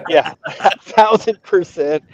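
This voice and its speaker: A man's voice: a little high, slow, dull audio. A man co-hosting a casual, profane chat, joking around and putting on silly accents. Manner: joking, swearing, puts on bad accents. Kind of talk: casual banter.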